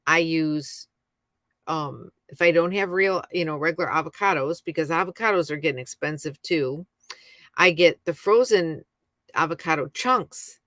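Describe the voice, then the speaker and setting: A woman's voice: low-pitched, normal speed, fairly bright tone, dry recording, clean studio sound. A middle-aged woman hosting a casual livestream from home, rambling and chatting with viewers by name. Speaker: YouTube livestream host. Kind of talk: casual live chat with viewers.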